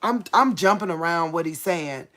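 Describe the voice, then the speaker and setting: A woman reading Bible verses aloud with solemn emphasis, pausing to talk casually and excitedly to her viewers. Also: on the low side. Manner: reads scripture slowly and solemnly, breaking off to talk to viewers. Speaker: religious video host. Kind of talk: informal Bible reading and commentary.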